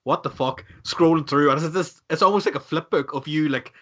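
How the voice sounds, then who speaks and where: A man hosting a podcast in casual chat, reacting quickly and swearing casually. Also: fairly high pitch, fairly bright tone. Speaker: podcast host.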